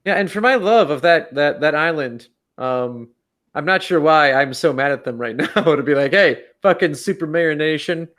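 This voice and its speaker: A man's voice: fairly high pitch, animated, normal speed, a bit bright. A man co-hosting a casual podcast, rambling with lots of "like" and restarts. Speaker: podcast co-host. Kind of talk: casual chat.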